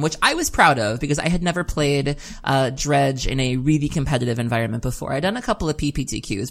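A woman co-hosting a podcast, telling a long story in casual chat, laughing often and filling pauses with "um". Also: a bass voice. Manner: chatty storytelling with frequent laughs and "um"s. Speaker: podcast co-host.

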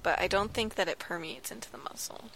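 A woman's voice: on the low side, fast, gravelly, fairly bright tone, slight background noise. A woman in her twenties, a graduate student, chatting casually on a podcast with lots of "like" and "um". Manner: chatty storytelling, frequent "like" and "um".

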